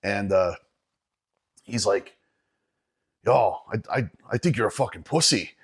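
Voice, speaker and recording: A middle-aged man from Northeastern Pennsylvania, a bassist guest on a podcast, telling a rowdy story in a casual, profane way and often breaking into laughter. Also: lively intonation, a little slow, slightly rough.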